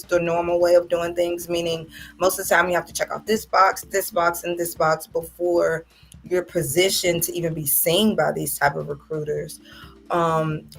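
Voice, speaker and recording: A woman talking in a casual, heartfelt chat as a proud mother, animated and quick to laugh. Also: fairly low pitch. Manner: emotional, animated, laughs often. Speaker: guest, mother of a young athlete.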